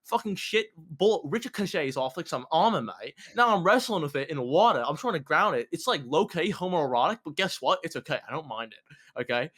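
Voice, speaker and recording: A man's voice: on the high side, expressive, fairly quick, fairly bright tone, husky. A young man putting on an exaggerated Australian accent as a boastful crocodile-wrestling bushman. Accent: put-on Australian. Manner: rowdy, exaggerated, swearing.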